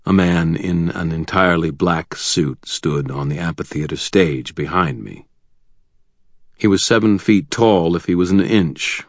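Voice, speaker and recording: A man with a very deep voice narrates a first-person fantasy audiobook. His delivery is wry and vivid, with tense pacing, and the close studio sound is completely dry. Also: no room sound.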